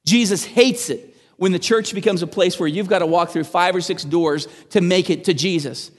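A man, a pastor, preaching a sermon in an animated, emphatic way with frequent restarts. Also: high voice, moderate pace, long reverb tail. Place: church.

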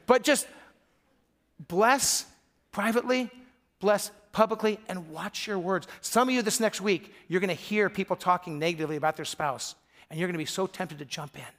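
A middle-aged pastor from Michigan preaches a sermon in a high, slightly bright voice at a moderate pace. He tells stories and performs the voices of the people he quotes.

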